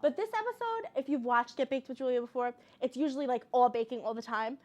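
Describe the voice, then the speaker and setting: A young woman chatting in an interview as a guest, an animated storyteller. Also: high-pitched, fast, lo-fi sound. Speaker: guest, cooking show host. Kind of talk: casual interview chat.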